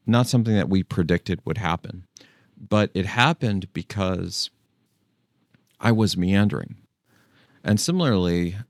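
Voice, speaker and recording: A man's voice: deep voice, dry recording, clean studio sound. A man hosting his own channel, talking casually and thinking aloud with frequent restarts. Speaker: tech channel host. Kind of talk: casual solo video talk.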